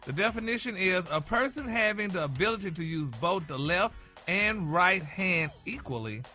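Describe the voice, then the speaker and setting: A man's voice: high voice, lively intonation, moderate pace, pushed and bright, faint music behind. A man on a morning radio show, flustered and laughing, calling people honey as he struggles with a word.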